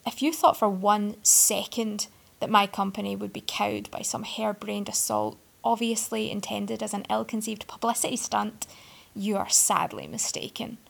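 A woman's voice: medium pitch, expressive, moderate pace, gravelly. A woman voicing a haughty, arrogant young male executive who delivers acid, scornful put-downs in a storybook reading.

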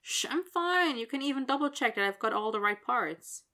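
A man's voice: extremely high pitch, animated, moderate pace, sharp tone, pitched above the performer's own voice, full character voice. A woman voicing a playful, cheeky young college man who tells stories in a chatty, bubbly way. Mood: cheerful.

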